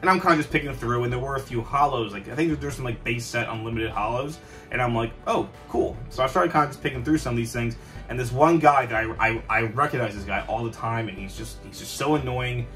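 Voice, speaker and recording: Fast and sharp-toned, this young collector vlogger speaks in a mid-range voice, chatting loosely to camera about collecting with lots of fillers and restarts. He's picked up by a distant mic over faint background music.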